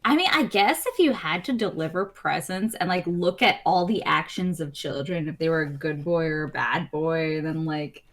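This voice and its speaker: A woman's voice: low-pitched, normal speed, few pauses. A woman guest artist chatting casually and laughing while she draws. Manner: laid-back, giggly. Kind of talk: casual chat while drawing.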